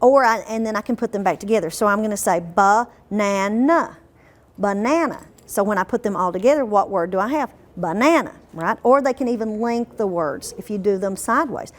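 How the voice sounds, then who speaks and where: A woman leads a teacher training workshop. She quizzes the room and stretches demo words out slowly. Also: mid-range voice.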